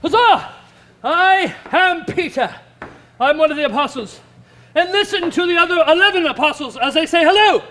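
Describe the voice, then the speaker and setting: A grandiose apostle Peter proclaims his memories in a high, theatrical voice and keeps wandering off into silly asides, as a man hams him up. The tone is broad kids' church comedy. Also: lively intonation, normal speed, pushed and bright, heavily acted. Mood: proclaiming.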